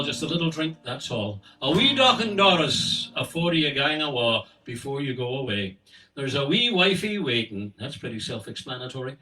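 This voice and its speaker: A man, a folk singer, chatting and joking with his audience between songs in a relaxed, self-deprecating way. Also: mid-range voice, recorded from a distance, rough recording. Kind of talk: live stage patter between songs.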